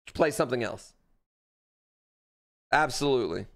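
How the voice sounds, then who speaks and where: Animated, rambling male streamer. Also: medium pitch, normal speed, vocal fry. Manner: rambling, blunt, swears, many fillers. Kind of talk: casual livestream reaction chat.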